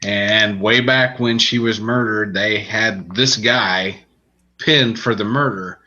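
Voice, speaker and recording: A man's voice: on the low side, slow, dull audio. A man on a podcast, chatting casually as he retells a book's plot in a rambling way, with restarts along the way. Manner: relaxed, rambling storytelling with restarts. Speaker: podcast co-host reviewing books. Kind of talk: casual chat.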